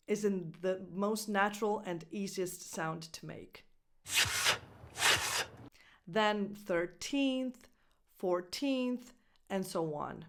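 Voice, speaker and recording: A woman coaching English pronunciation, her first language Italian. She speaks slowly and deliberately, spelling out each example with care at a middling pitch. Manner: slow, deliberate, carefully enunciated examples. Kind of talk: pronunciation lesson.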